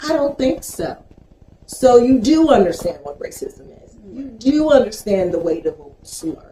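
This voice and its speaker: A woman co-host talking in a blunt, profane rant with a mellow, relaxed tone. Her voice rings in a roomy space, with a faint noise underneath. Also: on the high side, unhurried. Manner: blunt, profane ranting with laughs. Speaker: podcast co-host. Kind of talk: casual chat.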